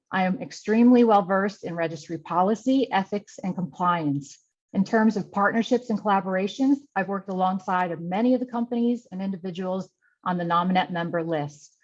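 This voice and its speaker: A woman's voice: mid-range voice, a little mellow, dull audio. A woman giving a formal, methodical candidate statement that lists her credentials. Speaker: candidate for advisory council.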